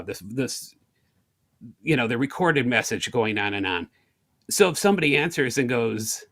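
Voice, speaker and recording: A middle-aged American man of medium pitch and normal speed, a guest in a casual interview, tells everyday stories. He's animated, acting out both sides of small conversations in shifting voices.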